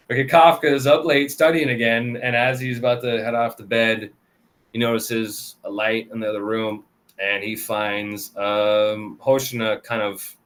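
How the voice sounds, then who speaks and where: A man casually recapping anime episodes for a review show, talking loosely with lots of fillers and quick laughs. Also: fairly low pitch, a bit bright. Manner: loose and chatty, full of "like" and "kinda", laughs often.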